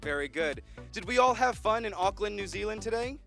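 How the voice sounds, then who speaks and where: A man's voice: sits high, animated, a little fast, gravelly, fairly bright tone, soft background music. Upbeat young man hosting a stage show. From Florida. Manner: upbeat showman patter with corny jokes. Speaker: cruise director. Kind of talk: stage announcing to a theater audience.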